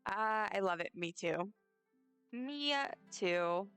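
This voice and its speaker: A young woman talks to her live chat while she plays, rambling from one thought to the next. Her voice is smooth and clear, with a gravelly fry running under her words. Faint music plays behind her. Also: medium pitch, animated, slow, a bit bright, no echo. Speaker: game streamer. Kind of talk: casual live-stream chat while playing.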